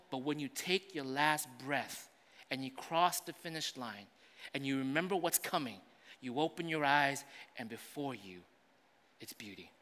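A man preaching a sermon as pastor, moving between loud, urgent declarations and quiet, conversational asides. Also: fairly high pitch, long reverb tail.

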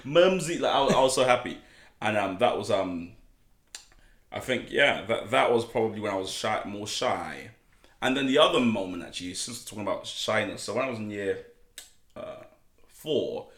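A man from Nigeria chatting as a podcast guest, telling animated stories and acting out the voices of people in them. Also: on the low side, normal speed, echoey room. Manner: animated storyteller, acts out quotes, laughs often. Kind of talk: casual podcast chat.

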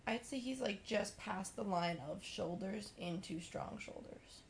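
Animated Southern woman with a gravelly edge. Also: medium pitch, a little slow, a little hiss or hum. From the American South. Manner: animated storyteller, acts out her own quotes. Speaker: co-host. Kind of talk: casual comedic chat.

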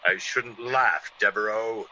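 A man's voice: fairly low pitch, takes it slowly, background noise. An actor playing a man who acts out a vengeful ex-convict, in theatrical 1940s radio acting. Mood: menacing. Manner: theatrical, menacing in the scene within the scene. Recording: dull lo-fi old radio recording.

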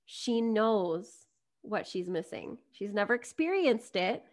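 A woman's voice: mid-range voice, animated, slow pace. Podcast guest: woman, chatty, upbeat storyteller, business coach. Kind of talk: casual podcast conversation.

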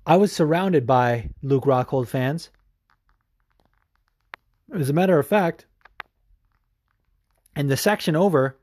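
A young adult man hosting a show, ranting with a profane, salty and animated delivery and frequent fillers. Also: a little high, dry recording, studio quality. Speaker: show host. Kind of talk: profane opinion rant.

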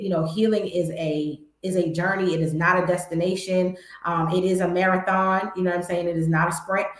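A woman's voice: on the low side, fairly bright tone, reverberant. A woman hosting a podcast, giving candid, emphatic advice in casual talk and speaking to her listeners directly. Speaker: podcast host.

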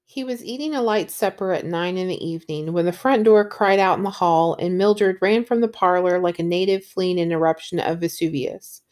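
A woman's voice: fairly low pitch, moderate pace, hardly any pauses, darkish tone. A woman enthusiastically talking about a novel in casual book talk, then reading a passage aloud. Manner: enthusiastic, with fillers like um and you know. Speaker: book reviewer.

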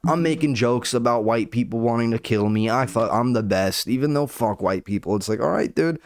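Speaking fairly quickly in a mid-range voice, a young man launches into a sarcastic, joking rant. The sound is clean studio audio without room sound, and he's profane throughout, saying "dude" over and over.

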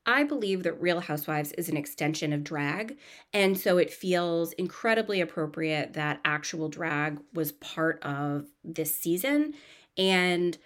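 A woman hosting a podcast, recapping a reality show in a chatty, gossipy, animated way. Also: lowish voice. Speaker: podcast host.

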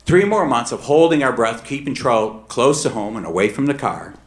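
A middle-aged man telling a personal true story on stage, emphatic and swinging between hushed and heated. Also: mid-range voice, lively intonation, normal speed.

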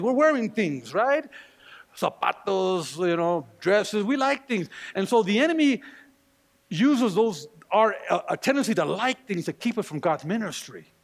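A man preaching a sermon in a church, his voice sitting high for a man and carrying a gravelly edge. He talks in an animated way, acting out the voices he quotes and throwing questions back at the congregation. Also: normal speed. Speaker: pastor.

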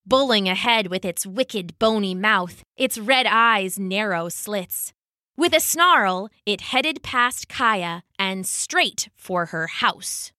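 A woman narrating a scripted children's story as the podcast's storyteller, telling it slowly and with many acted voices. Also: a little high, expressive, bright, forceful tone, no echo, studio quality.

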